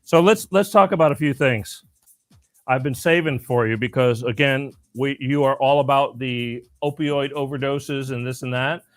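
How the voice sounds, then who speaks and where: A man's voice: medium pitch, moderate pace. A man hosting a casual talk show, rambling through stories with lots of restarts. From Florida. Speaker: host. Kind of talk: casual chat.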